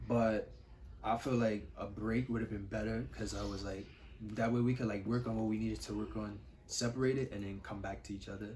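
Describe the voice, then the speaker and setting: A man's voice: lowish voice, steady tone, brisk, a little mellow, slight background noise. A young man speaking casually and hesitantly, with many fillers. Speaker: storyteller's partner. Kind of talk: casual storytime chat.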